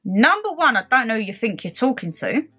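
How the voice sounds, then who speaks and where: A young woman, telling a story in a casual, animated and indignant way. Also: medium pitch, quick pace, breathy edge, soft background music. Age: young adult. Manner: animated, indignant retelling with quoted back-and-forth. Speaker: beauty vlogger.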